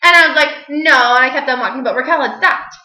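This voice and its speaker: A woman vlogger telling a story with her friends in a casual, animated way, acting out what people said. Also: sits high, fast, echoey room, poor audio. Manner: animated, quotes people in voices.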